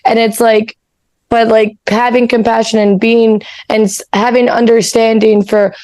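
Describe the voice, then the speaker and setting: A woman co-hosting a podcast, thinking aloud in a reflective, casual way and filling her talk with "like". Her voice sits fairly high. The sound is close and dry, with no room echo. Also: flat delivery, measured pace, a little mellow. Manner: reflective, many "like" fillers. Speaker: podcast co-host. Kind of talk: casual chat.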